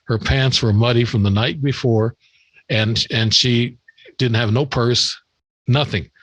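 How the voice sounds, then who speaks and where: A man's voice: mid-range voice, fairly even intonation, unhurried, fairly bright tone, dry recording, rough recording. An older man, a podcast guest, telling a long story in a rambling way, repeating words and acting out the dialogue. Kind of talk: storytelling in an interview.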